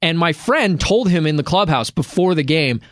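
A man's voice: a little high, animated, moderate pace, dry recording, studio quality. A man co-hosting a podcast, telling a story in casual chat and acting out the other people in it. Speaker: podcast co-host.

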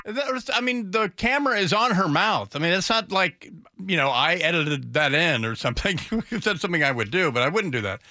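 Bright high-voiced male radio host. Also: animated, a little fast, no room sound, studio quality. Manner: rambling, sarcastic, mocking asides. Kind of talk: talk radio commentary. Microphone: studio microphone.

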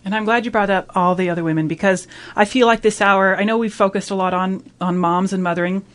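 A woman's voice: medium pitch, fairly even intonation, fast talker. A woman in her thirties hosting a radio talk discussion, speaking earnestly and reflectively. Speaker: radio host.

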